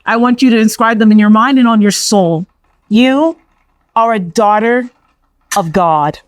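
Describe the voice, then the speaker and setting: A woman's voice: a little high, unhurried, no room sound. A middle-aged woman with a New York accent giving an inspirational faith talk, emphatic and repetitive with a preacherly cadence. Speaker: Catholic speaker.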